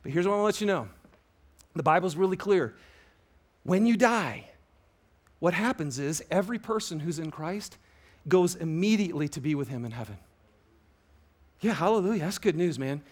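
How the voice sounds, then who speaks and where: Pastor, male, higher-pitched voice, animated sermon delivery that swings from loud emphasis to near-hushed lines. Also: moderate pace, pauses often. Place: church auditorium with a congregation.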